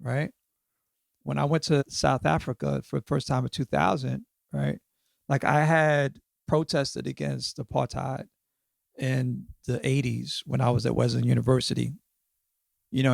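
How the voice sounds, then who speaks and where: A man's voice: medium pitch, creaky, no echo, studio quality. A man in his fifties, a podcast guest and author, talking through his experiences in a reflective way, often checking in with "right?" and "you know". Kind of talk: casual interview conversation.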